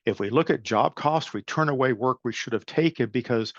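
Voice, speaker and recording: A middle-aged man presents a webinar, coaching his listeners bluntly and emphatically at a mid-range pitch. The audio is dry and a little muffled, with no room sound around the voice. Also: normal speed, hardly any pauses, dry recording. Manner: emphatic, coaching, blunt with frequent "right?" and "okay?". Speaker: sales and pricing consultant presenting a webinar.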